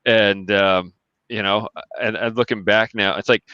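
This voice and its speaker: A male host speaks in a low, bright, forceful voice. He talks quickly and laughs through his stories. The recording is dry and a little dull. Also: fairly even intonation, smooth, no room sound. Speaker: podcast host. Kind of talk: casual chat.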